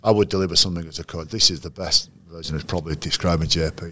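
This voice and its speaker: A coach with a very low, deep voice recalls his players in an unhurried interview, telling measured anecdotes. He often restarts sentences as he thinks, and his tone is steady yet sharp.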